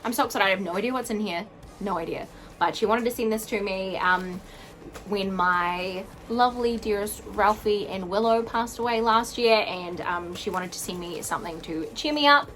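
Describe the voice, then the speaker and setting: A young woman vlogging an excited unboxing at home, gasping and gushing over each item. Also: medium pitch, moderate pace, soft background music. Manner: gushing, gasping, lots of "oh my God".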